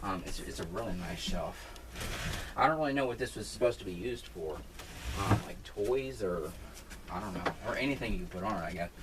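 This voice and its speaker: A man's voice: sits low, animated, brisk. A man chatting casually while he rearranges a room at home, rambling with lots of fillers and restarts and poking fun at himself. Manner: self-deprecating. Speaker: crafting vlogger. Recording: noisy home recording.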